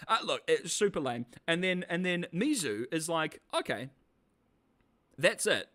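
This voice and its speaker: Sarcastic guy ranting about a show, laughs a lot, kinda high voice that bounces all over. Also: expressive, normal speed, a bit bright. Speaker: video reviewer. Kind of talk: casual commentary.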